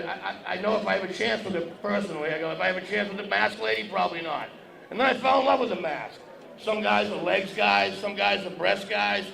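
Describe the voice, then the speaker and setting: A forceful, bright, high-pitched male voice with a creaky edge drives this stand-up routine, full of brash jokes aimed at the crowd. He performs on an event hall stage with a podium before a live audience, and the audio has echo and crowd noise.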